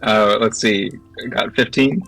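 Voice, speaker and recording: Gravelly, husky low-voiced male player. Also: measured pace, fairly bright tone, soft background music, rough recording. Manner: rambling, hesitant storytelling. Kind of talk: tabletop game play.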